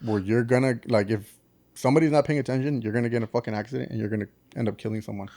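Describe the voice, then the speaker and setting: A man with an El Paso Texan accent tells a road story in casual podcast chat, at a middling pitch. He swears nearly every line and throws himself into quoting the other driver and himself. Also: very fast. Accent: El Paso Texan English. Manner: animated, swears constantly, acts out quotes. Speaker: podcast co-host.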